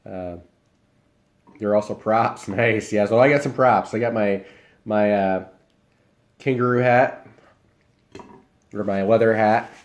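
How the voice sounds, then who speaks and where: A man's voice: lowish voice, unhurried, long pauses. A young man from Iowa, chatting casually with his live stream viewers and answering their comments while he eats. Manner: relaxed, rambling, talks while eating.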